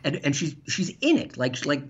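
A man telling stories in casual chat, animated and laughing, with some swearing. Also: on the high side, moderate pace, a little hiss or hum. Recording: dull lo-fi sound.

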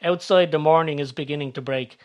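A man narrating a scripted story, reading steadily and descriptively. His voice sits slightly high for a man. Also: steady tone, brisk.

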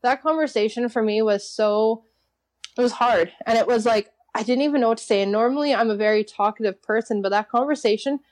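A woman's voice: fairly high pitch, fairly quick, darkish tone. Chatty young woman telling a story. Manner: chatty, laughs often, leans on "like". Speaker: interview guest. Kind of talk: personal storytelling.

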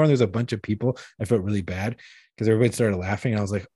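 A man's voice: fairly low pitch, very animated, very fast, slightly rough, no room sound, clean studio sound. A man co-hosting a podcast, telling stories with lots of swearing and acted-out quotes. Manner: profane storyteller, acts out quotes loudly. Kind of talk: casual chat.

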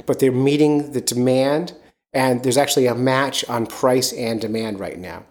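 A man's voice: medium pitch, steady tone, moderate pace. A man from the Philadelphia area hosting a podcast, chatting and joking in a casual way. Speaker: podcast host.

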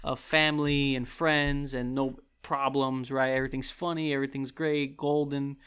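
A man's voice: mid-range voice, level tone, normal speed, fairly bright tone, clean tone. A man casually recapping and reviewing a TV episode, rambling with frequent restarts and fillers. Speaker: TV show reviewer.

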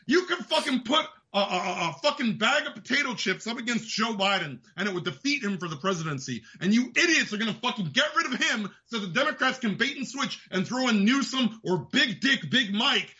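A man's voice: high voice, expressive, fairly quick, few pauses, sharp tone, lo-fi sound. A man hosting a show, delivering an angry, profane political rant. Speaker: host. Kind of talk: ranting political commentary.

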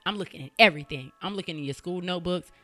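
A woman's voice: fairly low pitch, very fast, a bit bright, no room sound, soft background music. A woman hosting a podcast, telling a true-crime story in a casual, blunt way and swearing freely. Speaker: podcast host.

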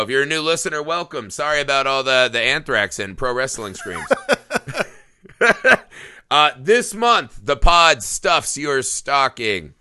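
A man's voice: mid-range voice, pushed and bright, smooth, dry recording, clean studio sound. A man hosting a casual movie podcast, joking around loosely and swearing often. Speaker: podcast host.

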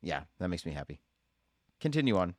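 A man's voice: low-pitched, big pitch swings, a little fast, a little mellow, no room sound. A man co-hosting a casual movie podcast, joking and gushing with enthusiasm. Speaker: podcast co-host.

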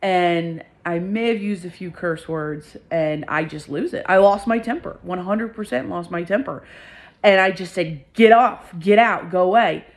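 A woman's voice: lowish voice, moderate pace. A young adult woman hosting her own podcast, telling a personal story in a candid, emphatic way and repeating words for effect. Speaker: podcast host.

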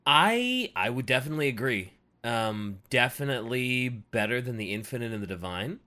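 A man co-hosting a relaxed book podcast, joining in with casual, cuss-filled remarks. His voice is animated, moving widely in pitch around a middle register. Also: moderate pace. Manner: casual, swears freely. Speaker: podcast co-host.

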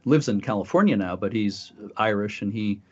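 Man, low voice, casual rambling talk, muffled lo-fi recording. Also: lively intonation, moderate pace, breathy edge. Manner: rambling, many fillers and restarts. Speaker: podcast co-host. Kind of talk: casual conversational storytelling. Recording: dull lo-fi audio.

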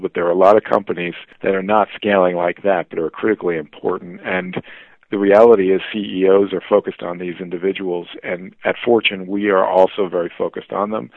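A man's voice: low-pitched, no echo. A man telling stories as a podcast guest, enthusiastic and full of fillers and restarts. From New Jersey. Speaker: podcast guest, publishing executive. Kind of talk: conversational interview storytelling. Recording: dry, phone-like narrow line.

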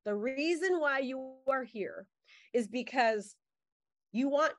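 A middle-aged woman coaching a live webinar on a video call, upbeat and fast-talking, calling out names from the chat. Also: high-pitched, expressive. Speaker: marketing coach.

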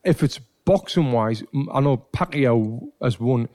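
A man's voice: mid-range voice, animated, a little slow, mellow. A man telling stories on a podcast, laughing and swearing as he goes. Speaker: podcast co-host. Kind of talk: casual chat.

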